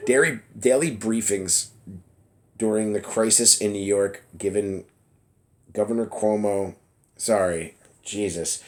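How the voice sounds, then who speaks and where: A man's voice: fairly low pitch, normal speed, darkish tone. A man blogging casually about politics from his phone, reading an article aloud in a loose, chatty way with plenty of fillers and self-deprecating laughs. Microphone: phone camera app.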